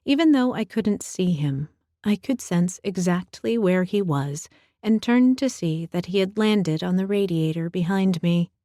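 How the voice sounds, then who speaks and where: A woman narrating a first-person audiobook in a calm, measured, intimate way, close to the mic. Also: fairly low pitch, no room sound.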